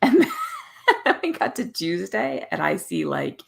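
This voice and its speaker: A tired, yawning woman hosting an early-morning writing livestream, chatting casually with many restarts and soft laughs. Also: medium pitch, huge pitch swings, unhurried, vocal fry. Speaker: livestream host running writing sprints. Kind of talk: casual live stream chat.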